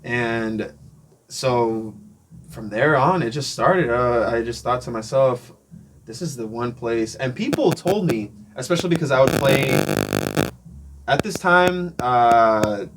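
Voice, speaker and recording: A man being interviewed, telling a casual story, animated and acting out the voices of people he met, often laughing. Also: mid-range voice, takes it slowly, noisy background. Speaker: interview guest, drummer.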